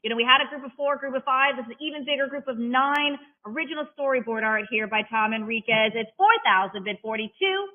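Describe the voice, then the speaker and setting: A woman calling bids at a live auction, running figures in a fast rhythmic chant and breaking into brief chatty asides about the lots. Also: on the high side. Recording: tinny phone-like stream audio.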